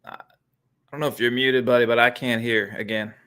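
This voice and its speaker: A man co-hosting a podcast over an online call, relaxed and chatty. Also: medium pitch, fairly quick, smooth. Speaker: podcast co-host. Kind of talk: casual chat.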